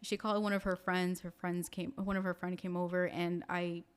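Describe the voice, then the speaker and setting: Animated woman telling a story. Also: lowish voice, moderate pace, smooth. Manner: animated, many "like" fillers, acts out quoted voices. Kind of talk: casual storytelling.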